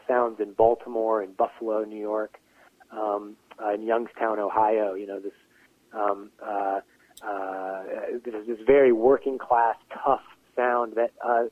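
Guest playwright, male, halting and filler-heavy, on a narrow phone line. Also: medium pitch, no echo. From Western Pennsylvania. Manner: hesitant, many fillers and restarts. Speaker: playwright and actor, interview guest. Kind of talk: casual interview talk. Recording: tinny phone-line audio.

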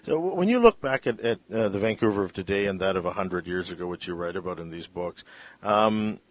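A man's voice: low voice, expressive, brisk. A man hosting an interview, asking questions with frequent restarts and repeated words. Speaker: interviewer host. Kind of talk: interview conversation.

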